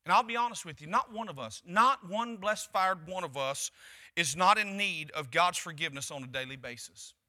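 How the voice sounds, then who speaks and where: A man's voice: sits high, normal speed, sharp tone. A man preaching a sermon to his church, building emphasis through repeated phrases. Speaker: pastor.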